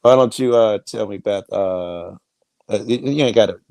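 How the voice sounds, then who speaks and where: A man's voice: lowish voice, normal speed, gravelly, no room sound. A man from Chicago telling stories in a casual, profane panel chat. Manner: profane, animated storytelling.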